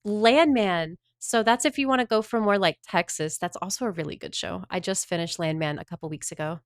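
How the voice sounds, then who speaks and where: A woman's voice: medium pitch, fairly quick, no echo, clean studio sound. A woman in her thirties streaming live, chatting playfully with her viewers and swearing casually.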